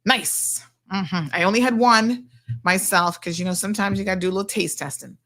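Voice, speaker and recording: A woman's voice: mid-range voice, a little fast, a bit bright. A woman hosting a radio show from the studio, chatting casually and reading out listener messages.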